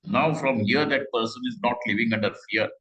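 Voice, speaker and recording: A middle-aged man giving a scripture class, talking conversationally with rhetorical questions and slow Sanskrit quotes. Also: mid-range voice, sharp tone, poor audio. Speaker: Vedanta teacher.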